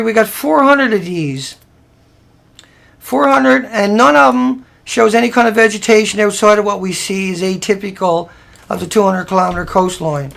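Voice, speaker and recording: A man with a gravelly voice talks casually over a slideshow of photos. He rambles in a plain, everyday way and often breaks off and restarts his sentences. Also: sits high, a bit bright. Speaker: presenter walking viewers through photos.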